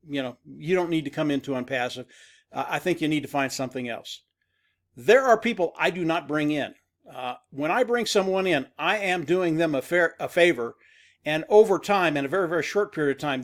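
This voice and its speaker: A middle-aged man giving an enthusiastic sales pitch to his viewers, repeating himself and restarting phrases often. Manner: enthusiastic, repetitive, frequent restarts. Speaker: network marketing promoter. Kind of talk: direct-to-camera pitch talk.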